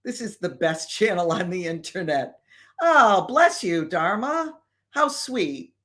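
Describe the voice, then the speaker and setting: A woman hosting a live stream and answering viewer questions in a casual, deliberate way with many fillers. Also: on the low side, big pitch swings, fairly bright tone.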